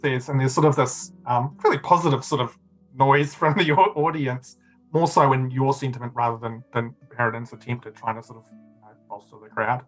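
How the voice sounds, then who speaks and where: A man narrating as game master, rambling and loose, with a lot of fillers. His voice sits at a middle pitch, with faint music underneath. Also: fairly even intonation, a little fast, low-quality recording.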